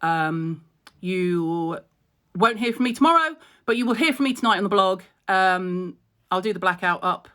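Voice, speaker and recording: A woman's voice: medium pitch, lively intonation, moderate pace, fairly bright tone. A middle-aged woman, a skincare blogger, speaking blunt and emotional to camera in a vlog update, tearful and swearing freely.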